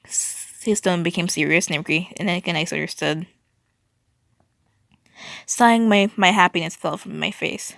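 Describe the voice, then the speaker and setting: A woman reading a fan fiction story aloud, often tripping over words and restarting. Her voice is low-set and gravelly, and the sound is dry and close. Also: normal speed, pauses often, a bit bright, dry recording. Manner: stumbling, restarting, wry.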